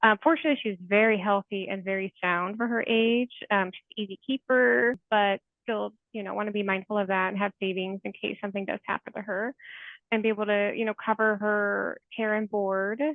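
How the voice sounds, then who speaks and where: This is conversational interview storytelling from a forties-aged woman who works as a therapist, heartfelt and earnest, with plenty of "like" fillers. She speaks briskly at medium pitch with fairly even intonation, and there's no room sound, though the remote call audio sounds tinny and phone-like.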